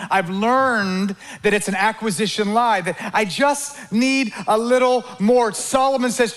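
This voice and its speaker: A man preaching a sermon, calling on the congregation to repeat words and acting out quick inner dialogues. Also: high voice. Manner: animated preaching with call-and-response and acted-out inner dialogues. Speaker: pastor.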